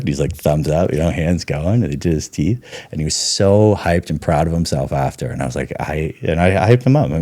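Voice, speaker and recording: A man in his thirties, a podcast guest, telling personal stories in a casual, animated way and acting out the quotes. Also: sits low, a little fast. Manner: animated storyteller, acts out quotes. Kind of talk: casual storytelling.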